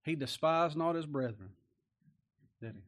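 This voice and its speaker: A man preaching with a drawl, his voice sitting a little high for a man. He talks in a folksy, plain-spoken way and keeps checking in with his listeners through tag questions. He swings from loud, emphatic lines to quiet, slowed-down asides. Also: expressive. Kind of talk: sermon.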